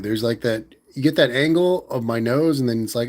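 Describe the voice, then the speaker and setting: A man chats through a casual livestream, reading viewers' comments aloud and answering at an easy pace. His voice sits at an everyday pitch, and his manner is relaxed and rambling, with "man" tossed in often. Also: moderate pace, hardly any pauses. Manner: laid-back, rambling, says "man" a lot. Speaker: livestream host reading chat.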